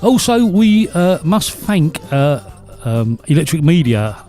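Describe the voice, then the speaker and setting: A man's voice: on the high side, big pitch swings, slow, warm tone, soft background music. A man co-hosting a casual podcast chat, chatty and reading announcements aloud. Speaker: podcast co-host.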